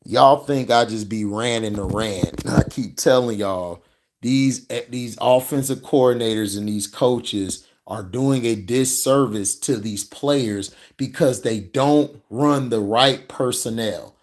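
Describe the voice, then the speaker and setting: A man's voice: medium pitch, slow. A man ranting and reacting to football footage in a heated, profane, mocking way. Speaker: sports commentary vlogger.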